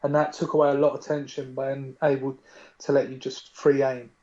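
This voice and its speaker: A man in a casual podcast chat, animated and arguing his points at length, peppered with "you know". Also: medium pitch, brisk. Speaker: podcast co-host. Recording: dull lo-fi sound.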